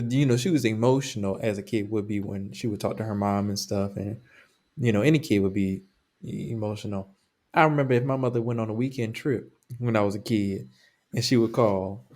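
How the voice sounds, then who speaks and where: A man co-hosting a podcast, chatting casually in an animated, rambling way, repeating points for emphasis. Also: on the low side, normal speed. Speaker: podcast co-host.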